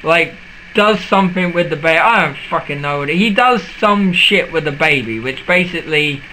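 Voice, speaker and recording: A man's voice: a little high, expressive, moderate pace, sharp tone, slight background noise, poor audio. A young man ranting sarcastically in a vlog, swearing often and mocking what he describes. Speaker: vlogger. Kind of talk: ranting film rant vlog.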